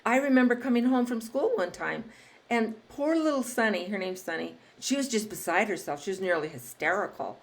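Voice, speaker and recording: A woman hosting a podcast, chatting casually and telling lively stories with frequent laughter. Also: mid-range voice, a little fast. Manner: lively storyteller, laughs often. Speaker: podcast host. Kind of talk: casual interview chat.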